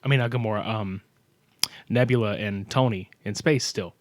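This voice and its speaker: A man co-hosting a podcast in casual chat, loud and joking, laughing often and swearing freely. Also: on the low side, normal speed, dry recording. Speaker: podcast co-host.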